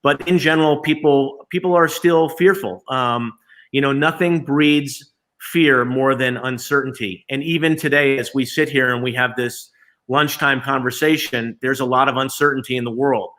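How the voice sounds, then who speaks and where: A man's voice: mid-range voice, fairly even intonation, moderate pace, a bit bright. A man, an agency chief executive, talking in a live remote interview with lots of fillers and restarts. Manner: conversational, many fillers and restarts.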